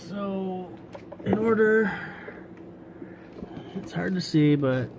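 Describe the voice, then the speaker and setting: A home mechanic with a medium-pitched, slightly mellow voice demonstrates a repair on a car in a workshop, rambling casually and correcting himself. He breathes heavily from the work, filmed alone by a camera he set up with no operator, with slight background noise.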